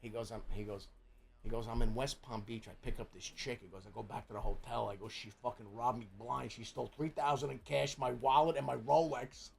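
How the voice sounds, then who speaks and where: A man's voice: medium pitch, steady tone, brisk, gravelly, soft background music. A middle-aged man from Jersey City with a New Jersey accent, telling a profane story in casual chat, full of stammering restarts. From Jersey City, USA. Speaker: streamer host.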